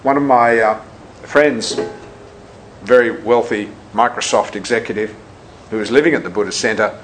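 A man's voice: lowish voice, moderate pace, slight background noise, poor audio. A man who teaches Buddhism and works as a shiatsu therapist, giving a casual talk full of anecdotes and acting out what people said. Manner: storytelling, acts out quotes, laughs at his own anecdotes.

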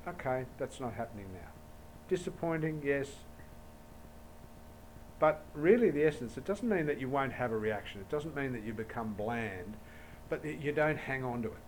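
A man's voice: mid-range voice, a little hiss or hum, poor audio. A man giving a Buddhist dharma talk to an audience, telling anecdotes and acting out dialogue in a jokey way. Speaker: Buddhist teacher.

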